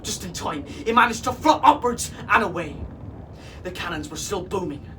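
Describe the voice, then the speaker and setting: A man performing as a pirate king, reading a storybook aloud to children in a slow, expressive way. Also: sits high. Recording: voice from some distance off with faint hiss.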